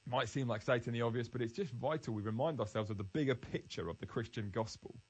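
A man's voice: mid-range voice, fast talker, darkish tone, rough recording. A man giving an earnest, emphatic devotional Bible talk, restarting phrases as he goes. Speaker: Christian speaker.

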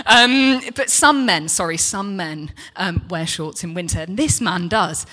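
Lady in her 30s telling a story in church, bright voice, acts out all the voices. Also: lowish voice, unhurried, hardly any pauses. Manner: chatty, animated storyteller who acts out dialogue. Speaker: preacher. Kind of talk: sermon with personal storytelling. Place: church hall.

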